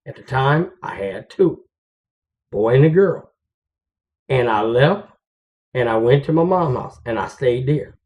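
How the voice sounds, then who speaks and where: A man's voice: medium pitch, lively intonation, measured pace, pauses often, a little mellow. A man, a truck driver, telling stories and giving advice to fellow drivers in a casual, slangy, confiding way. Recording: dull lo-fi recording.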